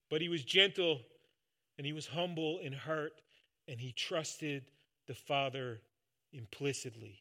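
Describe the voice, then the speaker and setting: A man preaching a sermon in an earnest way, dropping soft and low at times and rising loud for emphasis. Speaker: pastor.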